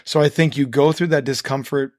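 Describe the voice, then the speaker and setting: Male podcast guest, middle pitch, dead-dry studio sound, earnest sermon-like riffs. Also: fairly even intonation, a little mellow, no echo. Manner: earnest, preachy, rapid run-on phrasing. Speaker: guest, nonprofit co-founder. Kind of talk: conversational podcast interview.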